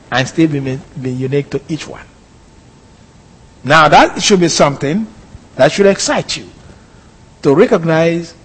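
A man preaching a sermon in a deliberate, emphatic way, stressing quoted phrases slowly. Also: fairly high pitch, husky, in a large hall, rough recording.

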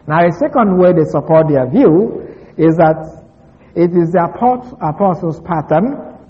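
A man giving a verse-by-verse Bible lesson, measured and deliberate, slowly stressing key words. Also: on the high side. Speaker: Bible teacher. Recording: long reverb, dull lo-fi sound.

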